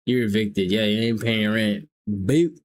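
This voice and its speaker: A young livestream host from the American South speaks at a measured pace in a steady, lowish voice. He teases strangers in easygoing, profane conversation.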